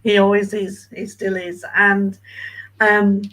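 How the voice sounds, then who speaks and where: A woman working as a medium, giving a reading, emotional and hesitant with many pauses and ums. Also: medium pitch, little pitch movement, a bit bright, rough recording.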